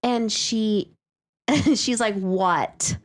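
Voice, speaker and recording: A woman's voice: medium pitch, normal speed. A woman co-hosting a podcast, chatting casually and telling stories with lots of fillers and laughs. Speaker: podcast co-host. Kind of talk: casual chat about a listener's story.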